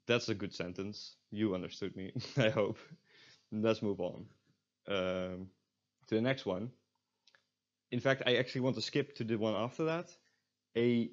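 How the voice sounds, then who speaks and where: A man's voice: lowish voice, lo-fi sound. A man teaching a beginner's language lesson, patiently modelling sounds and repeating them, with wry asides. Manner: explanatory, repeats sounds slowly for learners, self-deprecating asides. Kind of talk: recorded online language lesson.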